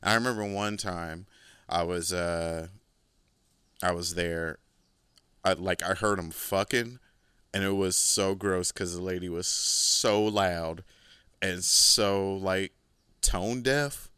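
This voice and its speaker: A man hosting a podcast, telling a long story in a relaxed, rambling way and swearing freely. His voice is low and smooth, recorded close and dry with no room echo. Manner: rambling, profane, laid-back. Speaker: podcast host. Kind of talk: casual storytelling.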